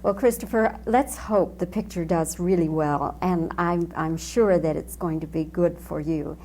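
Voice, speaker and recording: A woman interviewing a film actor, eager, with her questions rising in pitch. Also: unhurried, dark tone, slight background noise. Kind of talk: press junket interview.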